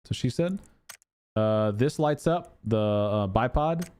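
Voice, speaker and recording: A male content creator walks through game cosmetics in a loose, casual way. His pitch jumps around a lot as he rants. He swears freely and sounds exasperated. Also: takes it slowly, clean tone. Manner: animated, exasperated ranting with profanity.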